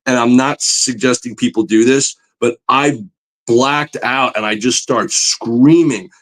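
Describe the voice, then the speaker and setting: Animated man telling a story, mid-pitched. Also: a little slow, rough recording. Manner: animated storyteller, voice climbs when excited; conversational, many fillers like "you know". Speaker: comic book artist guest. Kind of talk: casual podcast storytelling.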